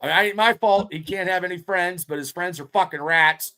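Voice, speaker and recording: A podcast co-host in his fifties tells rambling, profanity-laced stories in casual conversation. His voice sits high and brisk, and his storytelling is animated.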